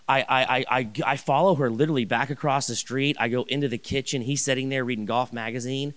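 An animated male pastor tells a personal story in a sermon, rambling with restarts and asides. His voice has an ordinary middle pitch, and he often rushes and speaks louder when he gets excited.

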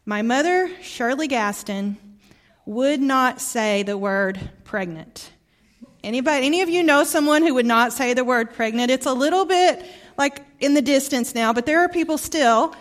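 A middle-aged woman from Arkansas with a Southern accent, preaching a heartfelt storytelling sermon as a guest preacher, often dropping soft and quiet. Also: fairly high pitch, lively intonation, a little slow. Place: church sanctuary.

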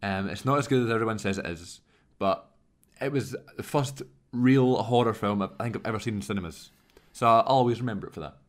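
A man's voice: fairly low pitch, fairly quick, hardly any pauses. Jokey man, casual podcast. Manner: informal, lists cast, jokey. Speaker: podcast co-host. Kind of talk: casual chat.

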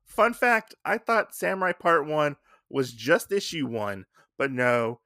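A man's voice: on the high side, big pitch swings, measured pace, pushed and bright, no echo, studio quality. A man hosting a podcast, casually recapping a comic book in a rambling way with lots of fillers and restarts. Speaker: podcast host.

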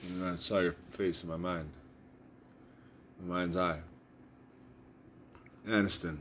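A man's voice: low-pitched, fairly even intonation, slow pace, long pauses, a bit bright, a little hiss or hum. A man recording a casual, rambling video message just after waking from a nap, talking while eating. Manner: rambling, loose and just-woken. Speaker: vlogger.

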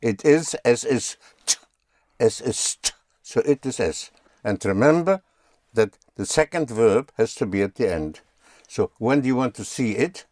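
A man's voice: mid-range voice, expressive, measured pace, darkish tone, dry recording, clean studio sound. A man teaching German in a patient one-on-one lesson, often spelling words out letter by letter.

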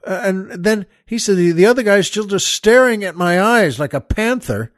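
A man's voice: sits high, lively intonation, normal speed, dry recording, clean studio sound. A man hosting a show, telling a comic story in an exasperated, rambling, incredulous way. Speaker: podcast host.

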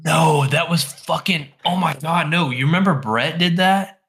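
Bright-voiced joking young man. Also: a little high, unhurried, husky. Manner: joking, swears freely, laughs along. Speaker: podcast co-host. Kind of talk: casual chat.

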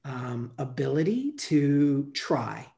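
A man's voice: mid-range voice, sing-song, takes it slowly, gravelly, mellow. A man in his fifties guests on a podcast as a coach. He tells long stories in a loose, rambling way, full of fillers and restarts. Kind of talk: casual storytelling interview.

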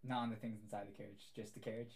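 A young adult game master running a tabletop game in a relaxed, amused way with many fillers. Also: medium pitch, racing, a crowd in the background.

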